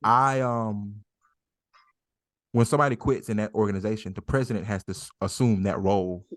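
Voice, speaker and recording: A low-voiced man on a podcast, spinning a long story with plenty of swearing. He acts out what people said as he goes. The sound is dry and close, with no room around it. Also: moderate pace, no echo. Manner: profane, animated storyteller acting out quotes. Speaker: podcast co-host. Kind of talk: casual storytelling chat.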